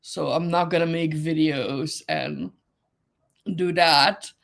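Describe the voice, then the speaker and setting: A woman's voice: low-pitched, slow pace, vocal fry. A woman hosting a casual livestream, chatting with viewers, giggling often and greeting people by name. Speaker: livestream host.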